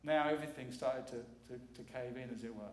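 A man's voice: mid-range voice, steady tone, fast. Earnest middle-aged man preaching in echoey hall. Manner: earnest, emphatic, repeats words for weight. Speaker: guest preacher. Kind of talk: sermon. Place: church sanctuary.

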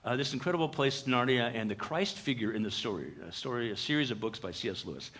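Man pastor giving a chatty sermon in a church, bright voice with some huskiness, lots of uhs. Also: mid-range voice, fast talker. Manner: conversational and animated, many "uh" fillers.

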